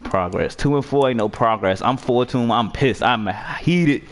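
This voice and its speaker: A man's voice: mid-range voice, moderate pace. Young man trash-talking over a game. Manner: profane, heated and argumentative. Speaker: gamer. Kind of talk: trash-talking gameplay commentary.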